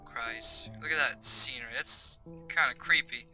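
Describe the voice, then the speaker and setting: A man's voice: medium pitch, unhurried, sharp tone, soft background music, rough recording. A young man giving casual, chatty let's-play commentary from his bedroom, reading on-screen tips aloud. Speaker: gaming YouTuber. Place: home bedroom.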